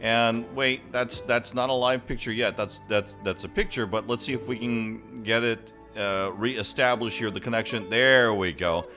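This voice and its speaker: A man's voice: mid-range voice, steady tone, normal speed, hardly any pauses, sharp tone, faint music behind. A man hosting a casual live entertainment stream, upbeat and chatty as he greets viewers by name. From Hawaii.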